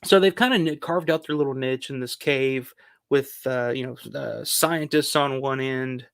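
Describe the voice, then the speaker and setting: A man's voice: mid-range voice, moderate pace, gravelly, no echo, studio quality. A man hosting a film countdown video, talking casually and rambling with lots of fillers and the odd swear word. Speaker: film review channel host.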